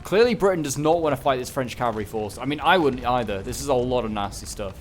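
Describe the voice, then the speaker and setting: A man giving chatty, excitable, rambling commentary on a game battle. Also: mid-range voice, quick pace, faint music behind. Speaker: gaming channel host. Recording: gunfire and battle sounds over voice. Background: game gunfire and battle noise.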